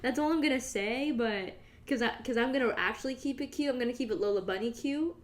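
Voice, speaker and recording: This young podcast host is a fast talker with a voice on the high side. Her solo monologue is casual and rambling, full of chatter, free swearing, and frequent laughter.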